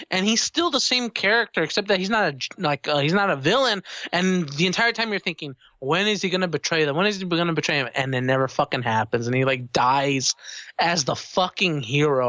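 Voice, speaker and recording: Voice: mid-range voice, sharp tone, no room sound, lo-fi sound. A podcast co-host in casual chat, exasperated and swearing often.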